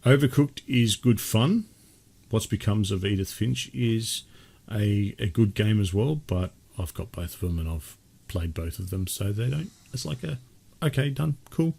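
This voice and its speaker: Low-voiced chatty male podcast host. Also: measured pace, vocal fry, a little mellow, breathy edge. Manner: chatty, rambling with many restarts. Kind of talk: casual chat.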